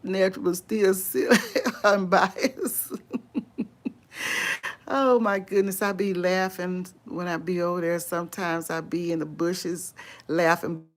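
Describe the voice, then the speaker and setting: Woman, unhurried drawl, chatty live-stream talk, laughs often, outdoors on a walk. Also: lowish voice, fairly even intonation. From Louisiana. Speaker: vlogger host. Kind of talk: casual live-stream chat answering viewers.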